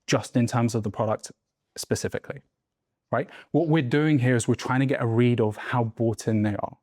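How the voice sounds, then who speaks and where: A man's voice: medium pitch, steady tone, moderate pace, darkish tone, dry recording. Emphatic male sales coach, dry sound. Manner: emphatic, coaching, checks in with "right?" and "okay?". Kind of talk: mastermind teaching talk. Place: room with a group.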